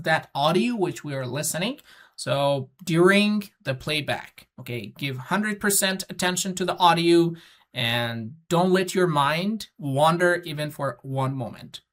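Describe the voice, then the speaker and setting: A teacher patiently explaining a test-prep lesson, often pausing on fillers and checking in with the students. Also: mid-range voice, fairly bright tone. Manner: patient, repetitive, frequent "uh" fillers and "okay?" checks; instructive, gives spoken examples.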